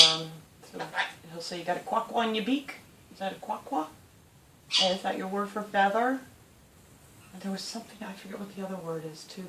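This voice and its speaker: Low-ish middle-aged woman, chatty pet vlogger, baby-talks her birds; distant roomy home recording with noise. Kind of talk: casual home video chat. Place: home with parrots in the room.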